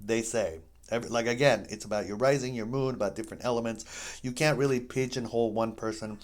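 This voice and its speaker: A man's voice: medium pitch, quick pace, poor audio. A man casually chatting while playing a game, rambling between topics with jokey, apologetic asides. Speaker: gaming video host.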